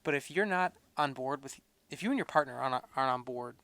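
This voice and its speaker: Here a man co-hosting a podcast talks quickly in a mid-range voice, and there's no echo on the recording. The chat is casual and relaxed, meandering with plenty of filler words.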